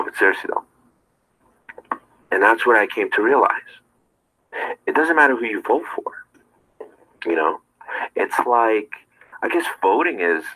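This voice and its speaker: A man's voice: lowish voice, sharp tone, poor audio. A man talking straight to his viewers in a confrontational rant, firing off rhetorical questions. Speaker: streamer. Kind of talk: ranting monologue to viewers.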